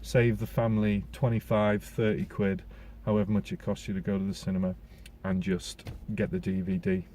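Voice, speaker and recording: A man's voice: on the low side, level tone, moderate pace, warm tone, slight background noise. A man giving a casual spoken film review as a podcast host, rambling along with restarts and fillers.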